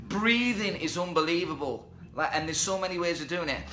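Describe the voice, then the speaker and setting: A man's voice: fairly high pitch, fairly quick, few pauses, reverberant, over loud music. A man hosting a motivational live stream from home, talking energetically and reading out viewer comments. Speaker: host. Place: indoors at home. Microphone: webcam or phone.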